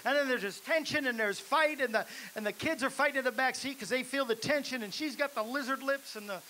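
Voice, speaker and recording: A man preaching a lively sermon in a church, exhorting the congregation and building to shouts. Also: very high voice, brisk. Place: church sanctuary. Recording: hissy live church recording.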